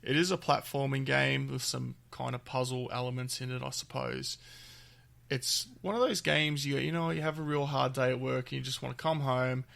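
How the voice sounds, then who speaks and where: Man, podcast co-host, gravelly fry in his voice, relaxed casual chat, trails off mid-thought. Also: mid-range voice, normal speed. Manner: easygoing, chuckles often, trails off mid-thought.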